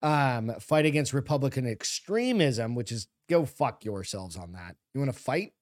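A man's voice: medium pitch, very animated, normal speed, dry recording, studio quality. A man co-hosting a podcast, blunt and profane, cracking crude jokes in casual chat. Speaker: podcast co-host.

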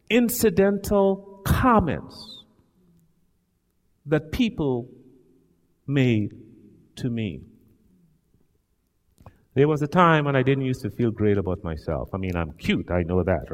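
A man preaching a sermon in a large church hall, talking emphatically and dramatically with sudden loud swells. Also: medium pitch, expressive, slow, pauses often. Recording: long hall reverb.

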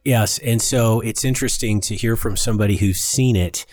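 A man co-hosting a casual political talk show, reading listener comments aloud and adding drawn-out, emphatic remarks. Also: fairly low pitch, darkish tone, dry recording, clean studio sound. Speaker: podcast co-host.

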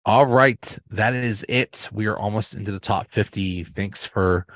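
A man, hosting a podcast and casually recapping sitcom episodes, halting often with fillers and restarts. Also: on the low side, fairly bright tone, no room sound, studio quality. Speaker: podcast host.

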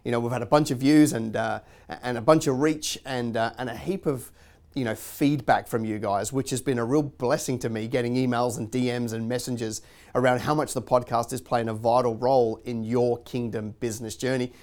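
A man's voice: mid-range voice, steady tone, moderate pace, darkish tone. A man hosting a podcast and talking casually, with plenty of fillers. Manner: chatty, many fillers like "you know". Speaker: podcast host. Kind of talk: casual podcast intro and talk.

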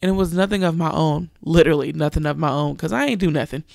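A woman's voice: deep voice, fast, vocal fry, darkish tone, dry recording, clean studio sound. A young woman preacher, giving an earnest sermon testimony and animatedly quoting others.

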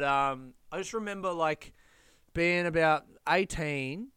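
A young Australian man telling stories in a casual monologue, animated, laughing and swearing as he goes. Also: on the high side, smooth, no room sound.

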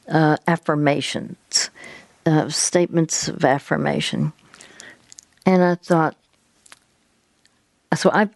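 Low, slow-spoken woman counseling a caller. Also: dry recording. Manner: gentle, affectionate coaching, guides slow deep breathing; halting, with frequent restarts. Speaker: radio counseling host. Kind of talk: Christian call-in counseling.

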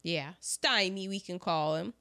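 On a podcast, a woman co-host recaps a film in a casual chat, joking and tossing in playful asides. Her fairly low voice keeps a measured pace as she animatedly acts out characters in exaggerated voices.

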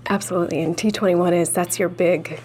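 A woman's voice: fairly low pitch, steady tone, a little fast, a little mellow. A woman narrating a news feature and asking conversational interview questions.

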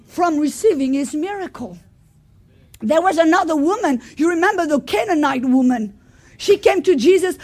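A woman preaching a sermon, telling the story by acting out the characters' voices and moving from quiet asides to loud exclamations. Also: sits high, lively intonation, moderate pace.

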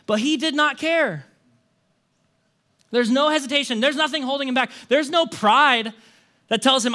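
A man preaching a conversational sermon as pastor, telling the story in an animated way with rhetorical questions and a frequent casual "like". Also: extremely high pitch, normal speed, long pauses.

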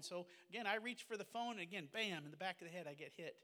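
A man with a high-pitched voice recounts a personal testimony as a pastor and missionary. He speaks earnestly, fervently and with plain emotion. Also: fast talker, bright, forceful tone, in a large hall. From United States.

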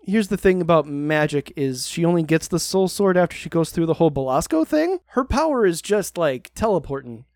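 A man's voice: a little high, lively intonation, a little fast, hardly any pauses, darkish tone, dry recording. A man co-hosting a podcast, recapping a TV show in casual, sarcastic chat and swearing freely.

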